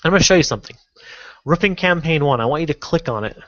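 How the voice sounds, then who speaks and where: A man's voice: fairly high pitch, lively intonation, a bit bright, no room sound. Casual man with dull lo-fi audio. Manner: casual, halting, many fillers and restarts. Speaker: online marketing instructor. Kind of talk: screen-recorded tutorial walkthrough.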